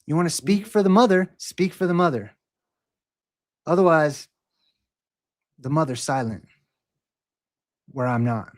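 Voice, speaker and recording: A man's voice: on the high side, a little slow, long pauses. A man hosting a livestream, talking casually and mockingly challenging a troll in the chat. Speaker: livestream host.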